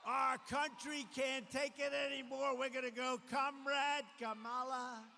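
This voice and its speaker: An older man giving a political rally speech, repetitive and emphatic, sometimes shouting. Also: extremely high pitch, little pitch movement, normal speed, creaky, long reverb tail, slight background noise. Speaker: political speaker.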